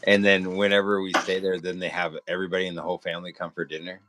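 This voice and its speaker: A man in casual chat with the host on a livestream, telling a story in a relaxed way. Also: low voice, racing, noisy background.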